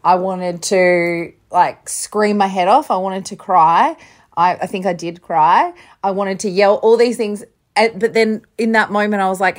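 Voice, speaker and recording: A woman's voice: medium pitch, steady tone, measured pace. A woman co-hosting a casual parenting podcast, talking candidly and laughing often. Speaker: podcast co-host.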